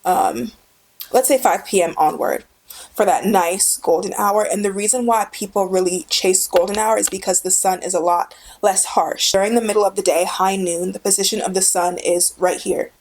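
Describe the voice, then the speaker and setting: A woman's voice: mid-range voice, moderate pace, a little mellow. Chatty young woman teaching photography. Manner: chatty, enthusiastic, emphatic repetition. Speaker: photography tutorial host. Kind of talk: casual instructional vlog. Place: indoors with a studio light. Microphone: camera mic, speaker on camera.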